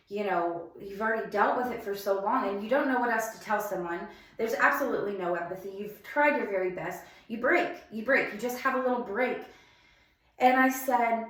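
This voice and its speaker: A woman's voice: medium pitch, a bit bright. Emphatic woman telling a story in an echoey room. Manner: halting, restarting, emphatic retellings. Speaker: vlogger telling a personal story. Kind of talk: emotional personal storytelling.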